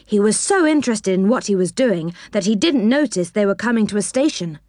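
Expressive woman reading a children's story. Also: medium pitch, fairly quick, no echo, clean studio sound. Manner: expressive, animated narration.

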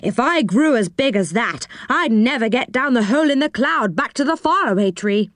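A woman's voice: fairly high pitch, expressive, normal speed, no echo, pitched above the performer's own voice. A woman doing cheerful round-faced Moonface. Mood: protesting. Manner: bright, eager and friendly. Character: kindly round-faced male magical tree-dweller.

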